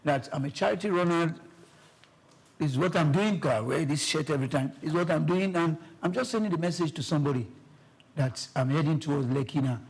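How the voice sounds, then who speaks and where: A man with a Nigerian accent, a guest telling an animated story and acting out the people in it. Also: a little fast, slightly rough. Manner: acts out quoted exchanges, shifting pitch for each person.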